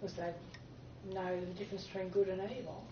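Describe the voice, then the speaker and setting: A woman's voice: lowish voice, little pitch movement, fairly quick, dark tone, a little hiss or hum. Distant woman answering in a study group. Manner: answers the teacher's questions. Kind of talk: casual group discussion. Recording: distant roomy lo-fi recording.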